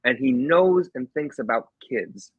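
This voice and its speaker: A man telling a funny anecdote in a casual chat, animated, with quick restarts as a guest author. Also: mid-range voice, husky, dry recording, narrow, tinny audio.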